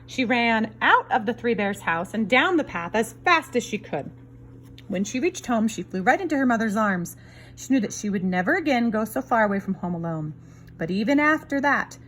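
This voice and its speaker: A woman reading a picture book aloud to children in an expressive storyteller's way. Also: on the high side, moderate pace, slight background noise. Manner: expressive, varied storyteller delivery. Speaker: storybook reader.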